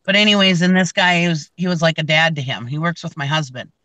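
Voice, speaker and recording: A woman's voice: low-pitched, fairly even intonation, quick pace, pushed and bright, no room sound, low-quality recording. A woman hosting a casual chat, telling a long story with lots of fillers and restarts. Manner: rambling, many fillers and restarts. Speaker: reseller channel host.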